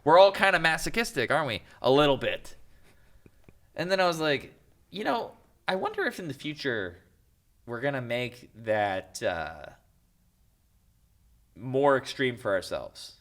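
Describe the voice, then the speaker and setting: A young man, a filmmaker, chatting as a podcast guest, telling animated stories with laughs and acted-out voices. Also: medium pitch, unhurried, long pauses. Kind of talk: casual interview chat.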